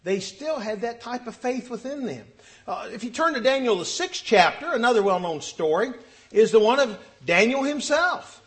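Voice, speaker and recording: Animated, high-pitched preacher man. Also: moderate pace. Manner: animated, acts out scripture quotes. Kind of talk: sermon.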